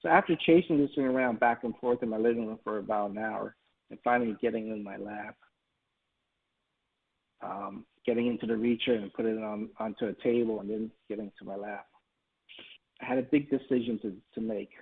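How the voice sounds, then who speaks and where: A man's voice: lowish voice, fairly even intonation, brisk, creaky, husky. A man giving a webinar talk, telling a personal story in a folksy way with many fillers. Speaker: presenter. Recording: tinny phone-line sound.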